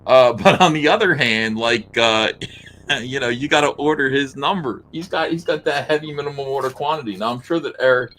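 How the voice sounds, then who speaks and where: A man's voice: medium pitch, a little fast, fairly bright tone. A man co-hosting a podcast, talking casually and mockingly as he pages through a comic and sketches at his desk, laughing often and swearing. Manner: drawing at the desk while talking. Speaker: podcast co-host. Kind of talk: casual commentary while paging through a comic.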